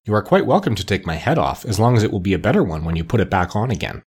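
A man's voice: fairly low pitch, sing-song, racing, a little mellow, husky, full character voice. A man voicing a cheerful, earnest male scarecrow in an audiobook, speaking plainly and sincerely. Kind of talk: audiobook character reading.

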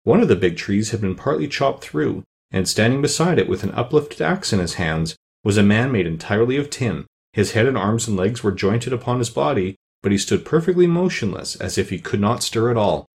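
A man narrating a children's storybook in a steady, even reading voice. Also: on the low side, a little fast, vocal fry, few pauses. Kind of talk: audiobook narration.

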